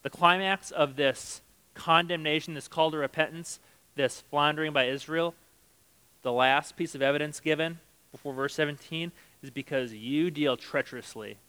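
A man's voice: mid-range voice, sharp tone, smooth, rough recording. A man preaching a sermon in a conversational way, reading scripture aloud and acting out the quotes. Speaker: pastor.

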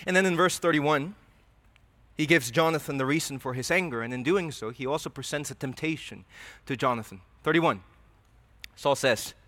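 A man's voice: a little high, normal speed, fairly bright tone, no echo. A man preaching a sermon who reads scripture aloud and then explains it with rising animation. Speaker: pastor.

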